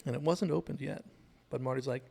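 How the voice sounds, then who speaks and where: A man's voice: medium pitch, fairly even intonation, brisk, creaky, a little mellow, breathy edge. A man chatting through a TV episode scene by scene, recapping the plot and digressing along the way. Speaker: TV show analysis host. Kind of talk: casual scene-by-scene commentary.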